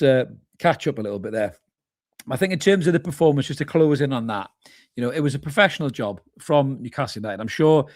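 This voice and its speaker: A man's voice: mid-range voice, dry recording. Chatty guy doing a live fan stream, reading comments out, calls everyone mate, dry close sound. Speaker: fan channel host. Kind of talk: live match reaction, reading chat comments.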